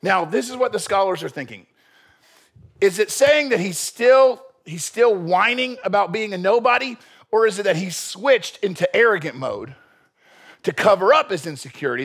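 A man preaching a sermon. His pitch is high and swings widely, and the tone is husky. He talks energetically and acts out quotes. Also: normal speed. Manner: animated, acts out quotes, rhetorical questions. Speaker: pastor.

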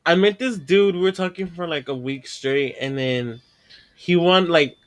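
Male podcast host, slightly high voice, casual profane storyteller. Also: a little slow. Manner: profane, laughing, acts out dialogue in the story.

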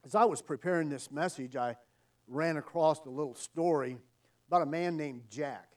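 Earnest higher-voiced male preacher, emphatic evening sermon, distant mic. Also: moderate pace.

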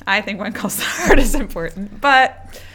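Bright-voiced woman bantering playfully. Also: mid-range voice, expressive, normal speed, a little hiss or hum. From Midwest US. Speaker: podcast co-host. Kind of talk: casual chat.

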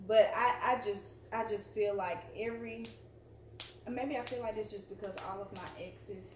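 A woman's voice: mid-range voice, steady tone, moderate pace. A woman co-hosting a podcast, talking in a playful, teasing way and laughing often. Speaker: podcast co-host. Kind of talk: casual joking chat. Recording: distant from mic, echoey, noisy.

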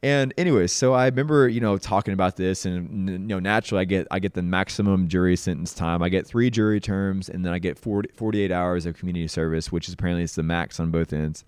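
Low, smooth-voiced man, relaxed and self-deprecating, recounting his past to a podcast audience. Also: quick pace, few pauses, dry recording, clean studio sound. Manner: laid-back, self-mocking, says "dude" a lot. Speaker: podcast host sharing his testimony. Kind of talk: casual personal storytelling.

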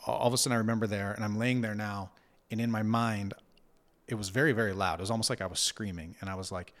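A low-pitched man in his thirties recounts a deeply personal experience in relaxed conversation. He speaks haltingly, circling back with fillers and restarts as he searches for words. His tone is reflective and unhurried. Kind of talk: casual conversation.

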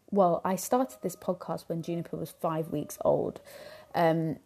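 A young adult woman talks alone into her podcast microphone about parenting. Her voice sits a little low and sounds warm and mellow. She stays earnest and reflective and often adds "you know". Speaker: podcast host. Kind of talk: solo podcast talk.

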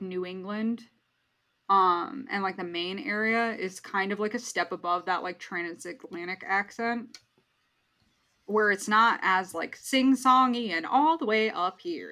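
A woman's voice: mid-range voice, pushed and bright. A young woman from New York co-hosting a casual film chat podcast, swearing freely and laughing often. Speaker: podcast co-host. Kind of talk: casual chat about films.

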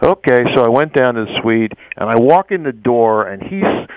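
A man telling a story in an interview, animated, acting out the voices of others and stammering as he goes. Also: mid-range voice, normal speed, lo-fi sound, a little hiss or hum. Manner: acts out quoted voices, stammers and laughs often. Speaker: interview guest.

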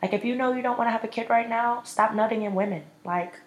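A woman's voice: fairly high pitch, quick pace. Blunt ranting woman in her twenties. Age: 20s. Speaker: podcast host. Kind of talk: solo podcast rant. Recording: echoey room.

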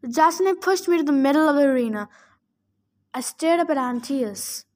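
Female audiobook reader, high pitched, expressive narrator. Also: normal speed. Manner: expressive first-person narration. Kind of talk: reading a novel aloud.

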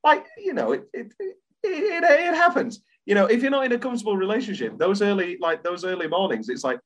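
Animated man hosting a film podcast. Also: sits high, a little fast. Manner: animated, quoting lines with lots of restarts. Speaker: podcast host. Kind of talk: casual film chat.

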